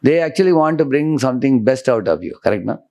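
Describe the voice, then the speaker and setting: A man's voice: mid-range voice, animated, fast talker, dark tone. A monk giving a devotional lecture in a conversational way, often checking in with his listeners.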